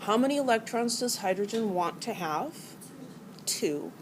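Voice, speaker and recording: A woman's voice: fairly high pitch, animated, a little slow, noisy background. A middle-aged woman teaching a college chemistry class, explaining ideas by acting out atoms as arguing characters. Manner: playful, acts out atoms as characters. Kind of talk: classroom lecture.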